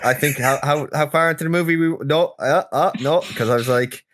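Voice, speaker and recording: A man's voice: fairly high pitch, brisk, background noise. A man co-hosting a casual film podcast, stammering and laughing eagerly. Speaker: podcast co-host.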